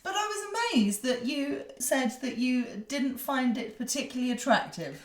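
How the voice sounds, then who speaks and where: A woman's voice: sits high, very animated, normal speed. Chatty laughing woman, echoey room. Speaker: podcast co-host. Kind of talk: casual chat.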